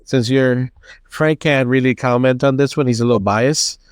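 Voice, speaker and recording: A man co-hosting a podcast, chatting casually and telling a story, acting out the people in it with lively changes of voice. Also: mid-range voice, moderate pace, clear, resonant tone, no echo. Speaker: podcast co-host.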